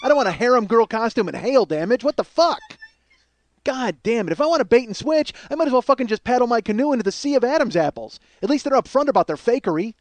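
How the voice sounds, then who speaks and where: A man's voice: very high-pitched, expressive, fast talker, no echo. A man in his forties hosting a comedy podcast, telling a story in a profane, ranting, exasperated way. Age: 40s. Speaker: podcast host.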